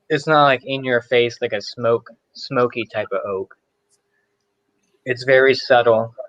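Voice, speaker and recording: A man's voice: mid-range voice, no room sound, highs cut off. A man tasting beer and describing it in a rambling, casual way as a guest on a video call.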